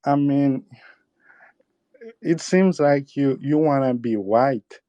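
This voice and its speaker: A man's voice: mid-range voice, slow, mellow, dry recording, dull audio. A man with a Haitian accent calling into a talk show, blunt and pushing back hard. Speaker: caller. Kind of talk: argumentative call-in talk.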